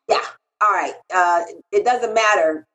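She's a middle-aged freelance copywriter telling interview stories slowly, in a candid, emphatic way. Animated throughout, she raises her pitch sharply when quoting herself. The recording is low quality.

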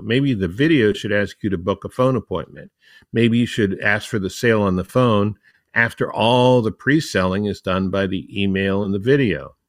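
Man, podcast host, lowish voice, conversational, dry close sound. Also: fairly bright tone, dry recording. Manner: explains points in a numbered list, reads quotes aloud. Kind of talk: conversational podcast talk on marketing.

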